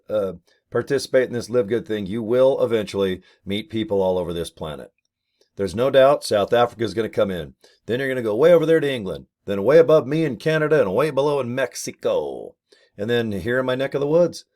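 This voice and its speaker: A man's voice: fairly low pitch, expressive, a little fast, a little mellow. Rambling, joking man on a webcam. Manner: joking, rambling, slips into silly voices for bits. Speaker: network marketing vlogger. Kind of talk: casual rambling webcam vlog. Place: home office with ring light.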